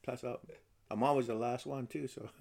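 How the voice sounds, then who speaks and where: A man chatting casually in a relaxed, drawn-out way. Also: medium pitch, gravelly. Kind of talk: casual chat.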